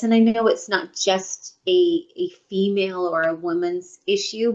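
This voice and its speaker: On a slightly dull, lo-fi recording, a female podcast co-host chats warmly and casually in a mid-range voice. She's an animated storyteller who voices the people in her anecdotes.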